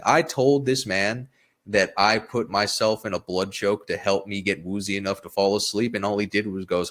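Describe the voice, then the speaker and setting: A young man with a very low voice chats on a podcast. He tells stories in an animated, profane way. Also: normal speed. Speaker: podcast guest, Marine veteran. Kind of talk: casual podcast chat.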